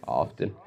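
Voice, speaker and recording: A man in his thirties from Chicago, USA, gives an easygoing, conversational stand-up performance at a comedy club, dropping "like" and "bro" throughout. His voice has a dark tone.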